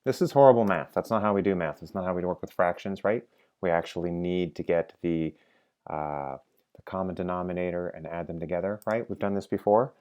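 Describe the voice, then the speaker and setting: A man's voice: sits low, steady tone, fairly quick, a little mellow. A man teaching programming while he codes, chatty and prompting the viewer to answer along. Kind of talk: live-coding lecture.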